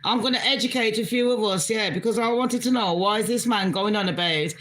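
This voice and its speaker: A woman's voice: medium pitch, normal speed, a bit bright, a little hiss or hum, low-quality recording. A British Jamaican woman vlogging an angry political rant, heated and profane, swearing constantly.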